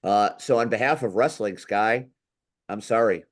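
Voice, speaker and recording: A man hosting a casual talk show, blunt and quick to swear when he gets heated. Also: on the low side. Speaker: podcast host. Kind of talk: casual chat.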